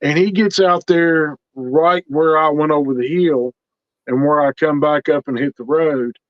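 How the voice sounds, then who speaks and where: A man's voice: on the high side, fairly even intonation, unhurried, no echo, muffled recording. A man telling a story in a folksy, earnest way, often repeating words as he builds tension. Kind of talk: casual spoken storytelling.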